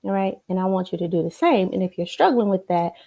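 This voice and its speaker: Warm-voiced woman coaching with emphasis. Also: medium pitch, lively intonation, fast, creaky. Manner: emphatic, frequent tag questions. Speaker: life coach. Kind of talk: motivational talk to camera. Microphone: computer camera.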